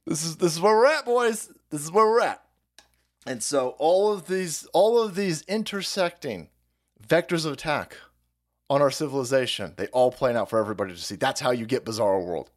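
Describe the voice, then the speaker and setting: A fairly high, expressive voice at a moderate pace belongs to a thirtysomething podcast host ranting about politics on a stream. He swears freely, mocks his targets and puts on silly voices.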